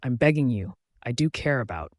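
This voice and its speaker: A humble young servant driver, read by a man speaks in a polite, deferential way. The sound is dry and close, with a middling pitch. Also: expressive, moderate pace, dry recording, lightly acted. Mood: remorseful. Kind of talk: audiobook reading.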